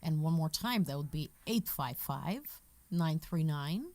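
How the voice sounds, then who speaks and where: A woman's voice: deep voice, lively intonation, unhurried, a little mellow, no room sound. A woman with a Russian accent filling in as co-host on a radio show, reading out the call-in number and teasing the others. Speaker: stand-in co-host. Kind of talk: casual radio banter.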